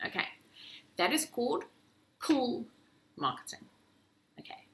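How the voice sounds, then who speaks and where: A young woman who runs a marketing agency, giving a lively business presentation and acting out sales pitches. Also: measured pace, noisy background.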